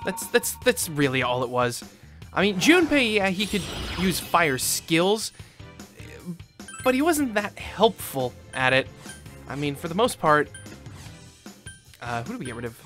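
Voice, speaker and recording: A woman hosting a let's play, giving casual gameplay commentary in an expressive, jokey way and getting spooked easily. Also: deep voice, unhurried, pauses often, faint music behind.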